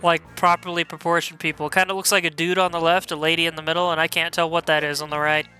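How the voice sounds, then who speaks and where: A man's voice: on the high side, flat delivery, fast, bright, forceful tone, soft background music. Chatty man commentating a game. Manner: chatty, self-deprecating, laughs at own slips. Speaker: let's play host.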